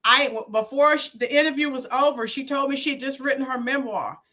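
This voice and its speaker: A middle-aged woman who teaches and hosts her own YouTube channel chats casually with viewers during a live stream, reminiscing and answering them by name. Her voice sits high, with a brisk, bright, forceful tone.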